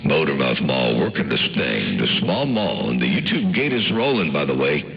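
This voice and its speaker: A man's voice: extremely low pitch, sing-song, moderate pace, creaky, muffled recording. A man on the CB radio, chatting in a folksy, drawling way full of radio lingo. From US West Coast. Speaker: CB radio operator. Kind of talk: casual CB radio chat.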